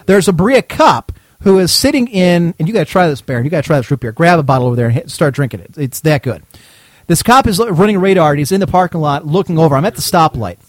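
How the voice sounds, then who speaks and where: A man with a slightly raised voice tells a rambling story at an easy, chatty pace. He sounds animated and laughs now and then. The sound is dry and close, with no room around it. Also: a little high, fast, dry recording. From Cleveland, Ohio. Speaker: show host. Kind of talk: casual storytelling chat.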